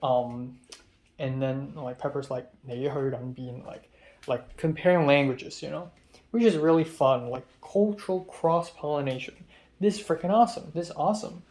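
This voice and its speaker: A man's voice: on the high side, moderate pace, a little mellow. A young man from Hong Kong talking through his day in a rambling, casual diary vlog, full of fillers. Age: young adult. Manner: rambling, chatty, many fillers. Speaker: film student vlogger.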